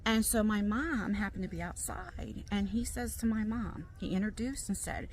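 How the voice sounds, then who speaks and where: A woman's voice: mid-range voice, moderate pace. A woman talks casually to her viewers while filming herself on a handheld phone. Her talk rambles and jumps between topics in a loose, chatty way. Faint background noise sits under her voice. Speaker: YouTuber. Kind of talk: casual vlog chat while shopping.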